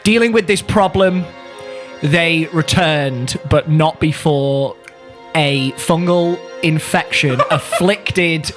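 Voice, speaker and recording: A man's voice: on the high side, takes it slowly, over music. A man, hosting a tabletop game as game master and narrating the story with playful humor. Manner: playful, jokey.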